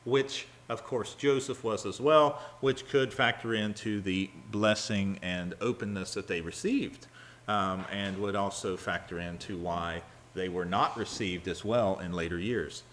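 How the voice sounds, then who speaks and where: A man teaching a Bible study sermon in a conversational way, with frequent fillers and restarts. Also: fairly low pitch. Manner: halting, many fillers and restarts; acts out quoted lines with a raised, louder voice.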